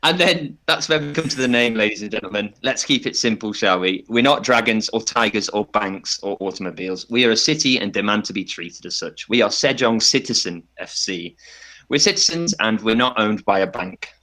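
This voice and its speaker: A man on a podcast giving a playful, tongue-in-cheek pitch and laughing often. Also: fairly quick, sharp tone. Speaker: podcast panelist. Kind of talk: mock campaign pitch.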